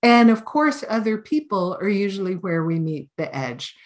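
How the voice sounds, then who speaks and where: A woman's voice: mid-range voice, moderate pace. Middle-aged woman giving a buddhist talk, chatty, tells stories with lots of like and you know. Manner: conversational, animated storytelling with casual fillers. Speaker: Buddhist teacher. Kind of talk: dharma talk.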